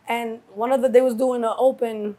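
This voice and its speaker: A middle-aged woman from New York, a guest telling stories in a casual interview, acting out quotes with lively swearing. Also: on the high side, moderate pace. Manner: animated storyteller acting out quotes, heavy cursing. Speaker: guest, mother of a rapper.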